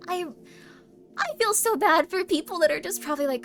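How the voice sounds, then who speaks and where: A woman with a fairly high voice chats casually on a livestream, wandering from thought to thought in a playful, self-deprecating way. Music plays clearly underneath her voice. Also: expressive, quick pace. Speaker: streamer. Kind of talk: casual livestream chat, reading chat messages. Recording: stream mix with music playing under the voice. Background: background music.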